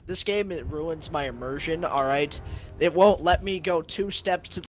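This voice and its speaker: A man's voice: fairly high pitch, normal speed, muffled recording, soft background music. A young man chatting casually with friends while playing an online shooter, laid-back and rambling. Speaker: gamer streaming with friends. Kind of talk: casual gaming chat.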